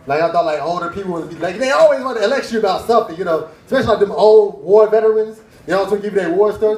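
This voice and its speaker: Young man, stand-up comedian, laid-back, high voice, roomy cafe stage. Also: racing, hardly any pauses, darkish tone. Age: young adult. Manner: laid-back, laughing asides. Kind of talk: stand-up routine.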